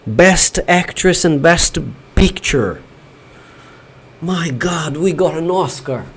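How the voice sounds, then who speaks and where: A man from Brazil hosting a live watch-party stream from his home studio, shouting elated cheers between chatty remarks. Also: on the high side, lively intonation, slow pace, husky. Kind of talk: excited live-stream chat.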